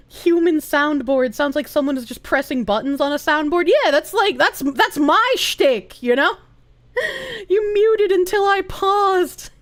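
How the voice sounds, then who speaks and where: A woman's voice: very high-pitched, expressive, slow pace, long pauses. A woman streamer reacting to a clip in casual chat, giggling and swearing freely. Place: room with echo dampeners.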